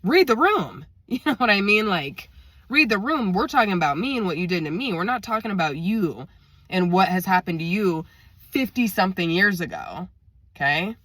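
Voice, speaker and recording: A woman's voice: fairly low pitch, lively intonation, fairly quick, a bit bright, no echo. A woman in her thirties tells a story to her viewers, indignant and emphatic, often speaking straight to them. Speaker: vlogger.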